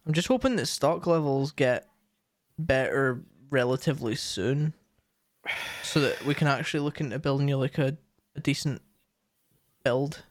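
A young man, a streamer and co-host, chats casually at normal speed, rambling with plenty of fillers and restarts. His voice is medium-pitched, captured on a dry, clean studio recording.

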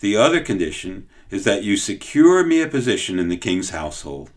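A man's voice: fairly low pitch, very animated, fairly quick. A man voicing a stubborn, kindly peasant boy who speaks earnestly and firmly. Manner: earnest and firm.

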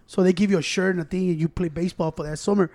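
A man from Chicago with a Mexican-American accent spins a profane story in rapid, casual chat. He slides between English and Spanish mid-sentence. His voice sits high for a man, and he rushes through every line. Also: fairly even intonation, a little mellow. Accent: Chicago Mexican-American, mixing Spanish. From Chicago, USA.

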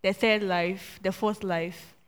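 A young woman answering a teacher's questions in class, halting at first and then listing steadily. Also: mid-range voice, steady tone, clear, resonant tone, in a large hall. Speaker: student.

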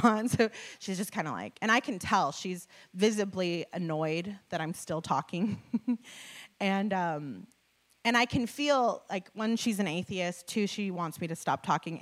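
In front of a live crowd with slides on display, this woman preacher shares a personal story as part of her sermon. She talks in a lowish voice, keeping things chatty and lively with plenty of laughter and filler words.

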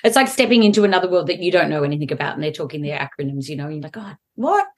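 A woman's voice: low-pitched, rapid-fire. A woman co-hosting a podcast in casual chat, telling stories animatedly and laughing often. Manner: giggly, animated storytelling with frequent laughter. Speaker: podcast co-host.

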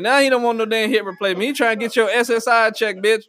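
A man with a notably high voice for a man hosts a podcast, spinning crude comic stories. He talks in an animated way, swears freely and keeps breaking into laughter. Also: quick pace. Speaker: podcast host. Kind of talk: crude comedic storytelling. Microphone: studio podcast mic.

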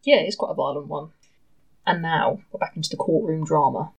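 A woman's voice: deep voice, a little fast, creaky, a little mellow, breathy edge. A woman co-hosting a podcast, chatting casually, laughing often and acting out lines in put-on voices. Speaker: podcast co-host. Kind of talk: casual chat retelling an episode.

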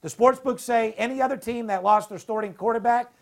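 High-voiced guy hosting a sports betting podcast, swearing a lot, super hyped. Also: brisk. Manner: brash, profane, hyped. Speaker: podcast host. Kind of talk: casual sports betting talk.

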